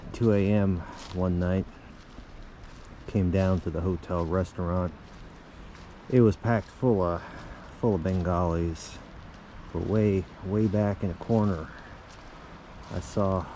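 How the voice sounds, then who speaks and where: A man spins a deadpan comic tall tale in an unhurried, low voice. His tone is mellow and dark, and he halts and restarts phrases as he rambles on. Faint noise sits under his voice. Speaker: storyteller.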